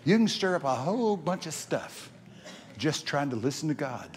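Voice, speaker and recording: Folksy preacher man, excitable storytelling. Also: fairly high pitch, normal speed. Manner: folksy, repetitive, rising to excited exclamations. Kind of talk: sermon with storytelling. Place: church.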